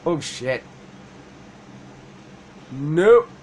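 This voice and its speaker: A man's voice: a little high, very animated, drawn-out words, a little mellow, a little hiss or hum. A young man giving casual, profane, joking commentary while playing a video game. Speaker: let's play gamer.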